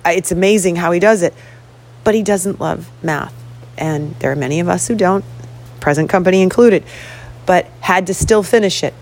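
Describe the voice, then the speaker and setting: A woman's voice: on the low side, moderate pace, darkish tone. A middle-aged woman, a host and coach, telling a story in an earnest, motivational way and acting out both sides of a conversation. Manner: earnest, motivational, retells dialogue. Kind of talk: storytelling monologue.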